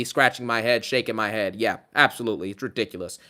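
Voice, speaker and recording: A man's voice: mid-range voice, big pitch swings, brisk, bright, forceful tone, smooth. A man hosting a casual live stream, reading out donations and chatting through them with rambling asides. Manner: chatty, thanks each donor, rambling asides.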